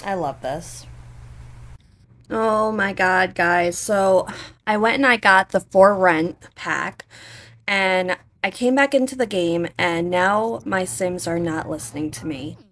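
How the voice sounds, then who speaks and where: A woman's voice: fairly low pitch, slow pace, a bit bright. A woman hosting a gaming channel, giving chatty, giggly gameplay commentary. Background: faint neighbors outdoors.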